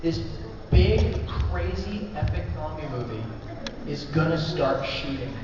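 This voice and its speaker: Brief: man, author at a convention panel, joking storyteller, higher voice, heard from far back in an echoey, noisy, dull-sounding hall. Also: expressive, unhurried. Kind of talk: casual convention talk to an audience.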